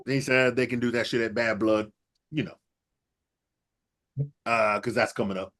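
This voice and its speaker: Animated, bright-voiced man recapping wrestling. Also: medium pitch, moderate pace. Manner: animated, acts out quotes in exaggerated voices, profane. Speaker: podcast co-host recapping wrestling. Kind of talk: casual comedic chat.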